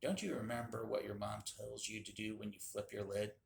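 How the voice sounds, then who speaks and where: Man doing a gentle motherly woman, storybook, soothing, gravelly, roomy echo. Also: lowish voice, little pitch movement, normal speed, slight background noise. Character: kind older woman, gentle librarian type. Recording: echoey room.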